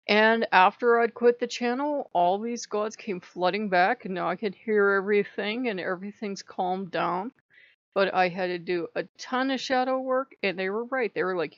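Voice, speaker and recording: A woman's voice: medium pitch, normal speed, no room sound. A woman who is sick, talking in a frank and rambling way in a casual vlog monologue. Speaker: channel host. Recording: dry, slightly dull recording.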